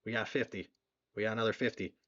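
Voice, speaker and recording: Philly-male stream host, excitable, repeats lines, slightly muffled audio. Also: on the low side, fast talker. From southeastern Pennsylvania. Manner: excitable, repeats himself, reads donations aloud. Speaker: livestream fundraiser host. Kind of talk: live stream chat.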